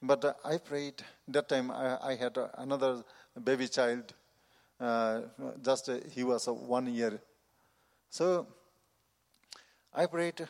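A man's voice: medium pitch, steady tone, darkish tone. Earnest man giving testimony in a reverberant hall. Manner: earnest, halting non-native phrasing. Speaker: missionary preacher. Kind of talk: personal testimony. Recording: long reverb of a large hall.

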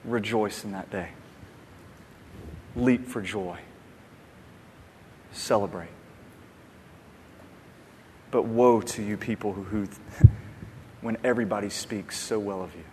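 A pastor giving an emphatic, conversational sermon. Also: male voice, fairly low pitch, steady tone, takes it slowly, pauses often, a little mellow, slight background noise. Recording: long hall reverb.

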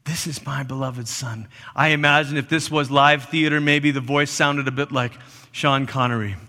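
A man preaching a sermon, telling the story in an animated way with playful asides. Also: medium pitch, normal speed, in a large hall. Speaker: pastor.

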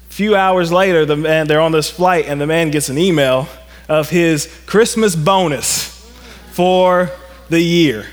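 A male pastor preaching a sermon to a congregation, animated and acting out stories in quoted voices. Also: on the high side, measured pace. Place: church sanctuary. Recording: long reverb of a church hall.

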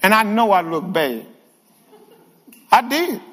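Man, lively humorous sermon, high voice, long hall reverb. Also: slow pace. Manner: animated, humorous, calls out to the congregation. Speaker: guest preacher. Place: church sanctuary with reverb.

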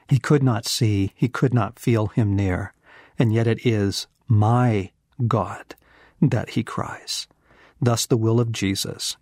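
A man's voice: lowish voice, a little mellow, slightly rough, no echo, clean studio sound. A man giving a devotional teaching, reading scripture and dropping to a whisper for emphasis. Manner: slow, intense, drops to a whisper for emphasis. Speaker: author and teacher.

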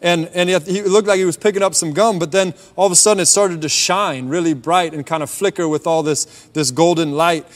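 A man telling a personal faith story in a relaxed, conversational sermon, dropping softer on key points. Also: fairly high pitch, brisk, hardly any pauses. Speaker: preacher sharing a testimony. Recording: long hall reverb.

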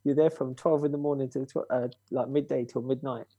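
A man's voice: medium pitch, fairly even intonation, brisk, no echo, narrow, tinny audio. A young man telling a story in casual chat, acting out quoted voices with swearing and laughter.

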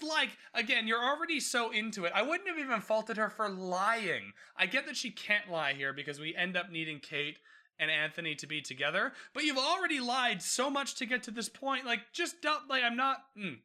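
A man hosts a casual podcast recapping a TV episode, talking briskly in a high, very bright, forceful voice with lively, swooping pitch. He's animated, swears freely, and slips into the characters' lines as he goes.

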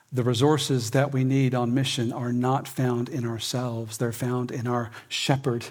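A man preaching a sermon, emphatic, swinging between loud and soft and often repeating words. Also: fairly high pitch. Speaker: pastor.

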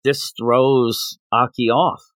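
Bright-voiced man chatting animatedly. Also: mid-range voice, takes it slowly, no room sound. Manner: animated, retells scenes in quoted voices. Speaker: podcast co-host. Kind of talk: casual chat recapping a manga chapter.

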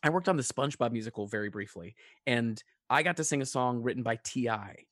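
Man, podcast guest, lively storyteller, dry close sound. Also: mid-range voice, fairly quick, no echo. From American South. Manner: animated storyteller, acts out quotes. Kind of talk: casual chat.

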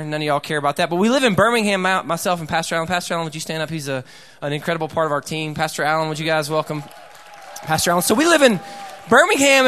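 Joking Southern preacher in an echoey hall. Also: male voice, fairly high pitch, sharp tone, clean tone. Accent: Alabama Southern. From Alabama. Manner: folksy, joking, crowd call-and-response. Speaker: youth pastor. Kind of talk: conference sermon to teenagers. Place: large church auditorium.

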